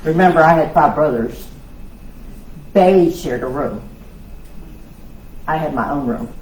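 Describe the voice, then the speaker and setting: A woman, giving a loud, lively personal testimony at a women's conference. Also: low-pitched, a little slow. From South Louisiana. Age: 60s. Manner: loud, lively storytelling with laughs and acted-out voices. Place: church hall. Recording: echoey hall with faint noise.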